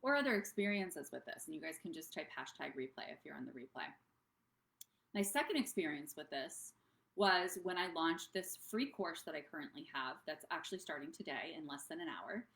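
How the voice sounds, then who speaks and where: A woman's voice: sits low, animated, fairly quick, creaky, fairly bright tone, echoey room. Bubbly, rambling woman on a live stream. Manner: bubbly, rambling, goes off track. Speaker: wellness coach hosting a live stream. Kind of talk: casual live-stream talk.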